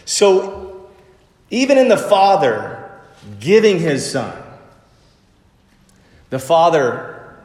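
A man preaching a sermon as pastor, emphatic, with lively swings from loud stress to soft, near-whispered asides. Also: mid-range voice, echoey room, big-room sound.

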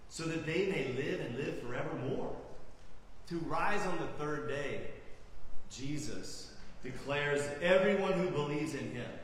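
A man preaching a sermon as pastor, emphatic, swinging from loud declarations to quiet, drawn-out lines. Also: on the high side, a little hiss or hum. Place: church sanctuary. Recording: roomy hall with long reverb.

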